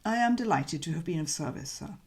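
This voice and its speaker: A woman voicing a deferential male valet, calm and formal, with a measured, soft delivery in an audiobook reading. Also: low voice, breathy edge, voice pushed down, heavily acted. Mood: unflappable.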